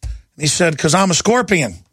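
A man's voice: fairly high pitch, very animated, normal speed, fairly bright tone, slightly rough, dry recording. A middle-aged man hosting a talk radio show, ranting fervently in a rising, impassioned monologue.

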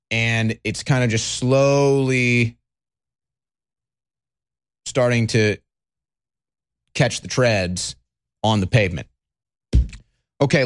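A man's voice: medium pitch, dry recording. Rambling male talk host, dry sound. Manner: rambling and conversational, talks to the audience directly. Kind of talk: casual political commentary.

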